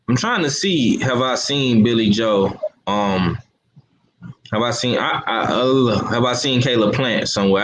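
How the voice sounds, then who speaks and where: A man hosting a casual boxing talk show, animated and prone to repeating himself. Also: mid-range voice. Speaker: podcast host. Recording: echoey room with faint noise.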